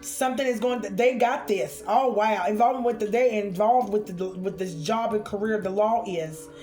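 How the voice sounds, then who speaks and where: Expressive woman giving a spiritual card reading. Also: mid-range voice, soft background music. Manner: expressive, drawn-out exclamations, addresses viewers as honey and y'all.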